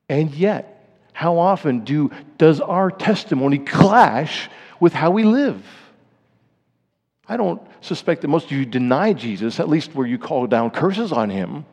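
A pastor preaching a sermon, his voice dropping to grave, hushed lows and then climbing to emphatic, rising peaks. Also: husky, big-room sound.

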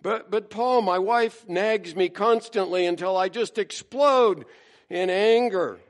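A man's voice: high-pitched, slow, voice pushed up. A man putting on a whining, aggrieved churchgoer. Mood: pleading. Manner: pleading, aggrieved. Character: whining churchgoer, grown man, nursing his anger.

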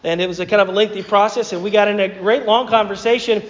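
Southern male pastor, high-pitched, casual halting sermon, dull recording in a reverberant hall. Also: fairly even intonation. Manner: conversational, hesitant storytelling with many fillers and restarts.

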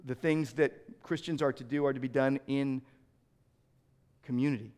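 A middle-aged male pastor preaching a sermon, swinging between loud emphasis and quiet, close asides. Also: mid-range voice, fairly even intonation, moderate pace, clear, resonant tone.

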